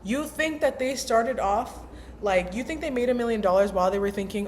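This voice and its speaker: A woman's voice: fairly high pitch, expressive, moderate pace, darkish tone, slight background noise. A young woman vlogging casually about mindset, chatty and emphatic, with lots of slang. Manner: chatty, emphatic, slangy, acts out inner voices. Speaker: self-help vlogger. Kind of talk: casual motivational talk.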